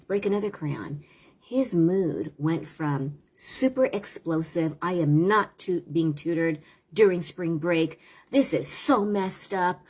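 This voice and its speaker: A woman's voice: low voice, darkish tone. A woman tutor giving earnest parenting advice in a casual live-stream talk, often checking in with her listeners. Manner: earnest, conversational, often asks "right?".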